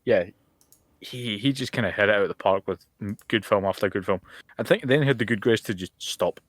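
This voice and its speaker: Dry-voiced, low podcast guy. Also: a little fast, dry recording. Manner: dry, opinionated remarks. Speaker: podcast co-host. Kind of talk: casual chat. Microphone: home mic over online call.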